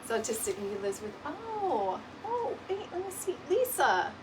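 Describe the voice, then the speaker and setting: A middle-aged woman with a drawl chats away as she crafts, laughing freely and tossing in "y'all." Her voice sits a little high and sounds a step back from the mic. A steady hum of room noise runs underneath. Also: moderate pace, distant mic. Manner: chatty, laughs often, says "y'all" and "right?". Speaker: DIY decor host. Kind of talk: casual livestream chat while crafting.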